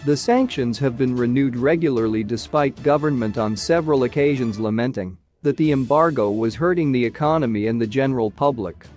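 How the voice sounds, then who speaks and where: A man reading a news bulletin in a steady, even, scripted way. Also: medium pitch, brisk, few pauses, faint music behind. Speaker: news reader.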